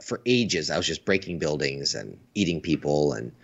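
A man's voice: extremely low pitch, animated, normal speed, vocal fry, fairly bright tone. A man chatting casually on a stream about movies and games, enthusiastic, often restarting his words. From United States. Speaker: stream co-host. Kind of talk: casual chat. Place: Asia. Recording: dull lo-fi sound.

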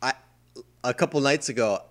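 A man's voice: medium pitch, moderate pace. A man hosting a casual podcast, enthusiastic and explaining things step by step. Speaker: podcast host.

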